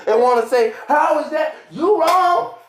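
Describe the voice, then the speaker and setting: A young man arguing angrily and profanely with his partner on a live stream, repeating himself and shouting. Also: very high voice, animated, unhurried, slight background noise. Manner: angry, profane, repetitive shouting. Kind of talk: heated argument on a live stream. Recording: echoey room.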